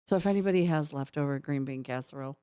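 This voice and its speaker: A woman's voice: low-pitched, a little mellow, clean tone, no room sound. Mock-dramatic woman radio co-host. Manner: over-the-top mock-dramatic, playful. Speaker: radio morning show co-host. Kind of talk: casual chat, comic storytelling. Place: radio studio.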